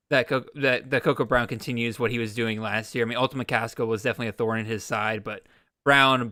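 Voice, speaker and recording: A man hosting a live-streamed fantasy draft thinks aloud, restarting his sentences and putting on playful mock exasperation. He is a podcast host, and his medium-pitched, sharp-toned voice comes through clean studio sound without echo.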